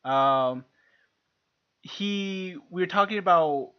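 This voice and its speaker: A man's voice: sits high, slow pace, clean tone. A man co-hosting a podcast, telling stories in casual chat, swearing freely and laughing as he goes. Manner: profane, laughs through his stories. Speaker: podcast co-host. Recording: dull lo-fi podcast audio.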